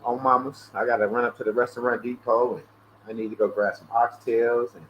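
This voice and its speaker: A man's voice: mid-range voice, little pitch movement, a little fast, fairly bright tone, a little hiss or hum, rough recording. A man hosting a casual livestream and chatting loosely with lots of profanity. He tells stories animatedly. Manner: mimics callers in a raised voice. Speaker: livestream host. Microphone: earpiece headset.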